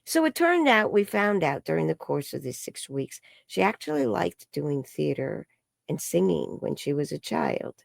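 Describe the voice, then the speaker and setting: Woman healer chatting on a call, bit of vocal fry, dry close sound, jumps up high doing other people's lines. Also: big pitch swings, moderate pace, no echo. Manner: acts out quoted dialogue with high bright voices. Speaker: energy healer and psychic guest. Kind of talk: animated storytelling interview.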